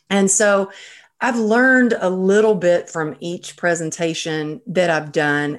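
A woman with a slightly low-pitched voice hosts an interview. She tells anecdotes with energy and slips into the voices of the people she quotes. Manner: lively anecdotal storyteller, acts out quoted voices. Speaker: podcast host. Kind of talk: casual storytelling in an interview.

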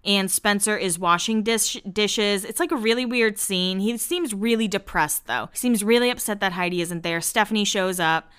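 Smooth-voiced chatty woman recapping a show. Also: mid-range voice, a bit bright. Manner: chatty, peppered with "like", quick asides. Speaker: podcast host recapping a TV show. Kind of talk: casual chat.

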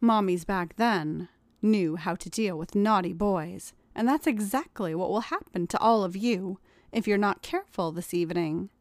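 A woman voicing a stern, teasing 1950s-style housewife who talks in a firm, commanding way with slow, deliberate emphasis. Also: mid-range voice, lively intonation, no room sound, clean studio sound, natural voice.

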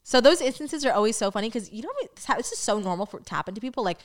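Fast-talking young woman telling a story. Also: fairly high pitch. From Staten Island, New York. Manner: animated, quick storytelling with many "like"s. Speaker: podcast co-host. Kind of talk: casual storytelling chat.

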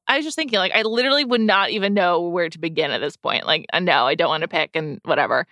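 A woman in her thirties co-hosting a podcast in casual chat, chatty and quick to laugh at herself. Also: fairly low pitch, bright, forceful tone, no room sound, clean studio sound. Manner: chatty, laughs often, self-deprecating. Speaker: podcast co-host.

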